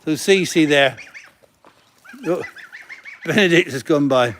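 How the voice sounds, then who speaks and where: A middle-aged man hosting a casual live stream from a farm, chatting warmly about the animals with giggles and cooing baby-talk at them. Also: on the high side, takes it slowly, a little hiss or hum. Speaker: farm centre host. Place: outdoors on a farm.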